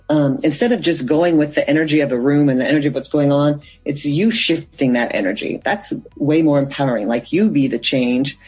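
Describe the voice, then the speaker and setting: A woman's voice: sits low, darkish tone, husky, low-quality recording. A woman guest, a mindfulness coach, answering interview questions in an earnest, explanatory way, with loose sentences and frequent fillers.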